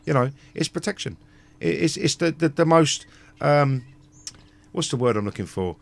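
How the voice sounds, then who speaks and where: A man's voice: on the high side, lively intonation, moderate pace, vocal fry. A man hosting a live stream, ranting in blunt, sweary casual chat with many restarts.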